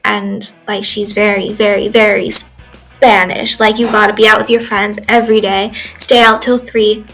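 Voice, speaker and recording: A woman's voice: mid-range voice, gravelly, a bit bright, poor audio. A sixteen-year-old girl recording a casual video diary in her room, rambling with lots of "like" and "um" fillers. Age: teens. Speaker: exchange student video journaler. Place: bedroom at home.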